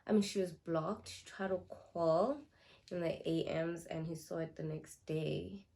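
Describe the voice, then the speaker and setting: A young woman with a South African accent, telling a personal story while getting ready on a phone camera, jumping from loud outbursts to hushed asides. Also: on the low side, measured pace, gravelly. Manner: animated, swings between loud and hushed asides. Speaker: YouTuber.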